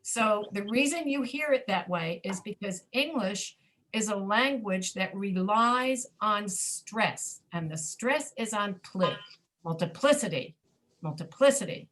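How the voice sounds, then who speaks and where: A woman with an American accent leads an online pronunciation lesson. She says example words again and again, slowing down to model stressed and reduced syllables. Her manner is patient and encouraging. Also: medium pitch, lively intonation, fairly bright tone. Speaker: pronunciation teacher. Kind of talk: online English class teaching.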